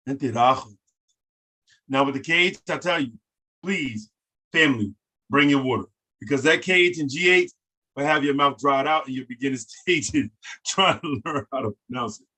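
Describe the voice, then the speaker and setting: A husky-voiced man leads a casual language lesson at an ordinary pitch. He repeats each word slowly and overstresses the sounds so learners can copy them. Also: pushed and bright. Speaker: language teacher.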